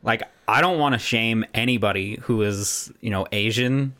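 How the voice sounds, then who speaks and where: Young man, podcast co-host, casual chat, lowish pitch, rambling. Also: moderate pace, sharp tone. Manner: rambling, many restarts and fillers.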